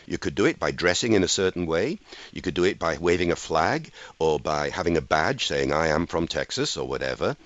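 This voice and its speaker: A man who is an author and linguist, a guest on a radio show, explaining ideas in an expressive lecturing manner. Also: low voice, fairly quick, dry recording, muffled recording.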